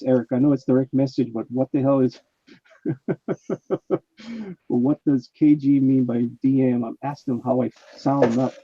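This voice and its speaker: A man's voice: mid-range voice, dark tone, slightly rough, no room sound. A man hosting a casual live stream, chatting and reading viewers' chat messages aloud. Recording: muffled, dull mic sound.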